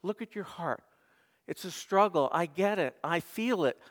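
A man preaching in a church sanctuary, his voice sitting a little high for a man. He is earnest, pushing to emphatic peaks before falling back to a quiet close. A long reverb from the hall trails every phrase. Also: expressive, a little slow. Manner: earnest, builds to emphatic peaks then drops soft. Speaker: pastor. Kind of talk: sermon.

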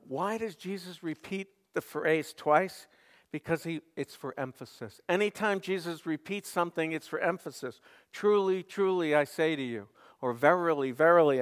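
Earnest pastor preaching in a reverberant hall. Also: male voice, on the high side. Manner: earnest, builds to emphatic peaks then drops soft. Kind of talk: sermon. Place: church sanctuary.

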